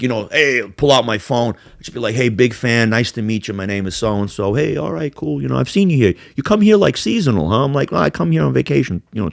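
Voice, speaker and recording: Male podcast co-host, animated profane storyteller, dry studio sound. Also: mid-range voice, gravelly, dry recording. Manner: profane, laughing, acts out voices in anecdotes. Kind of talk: casual storytelling chat.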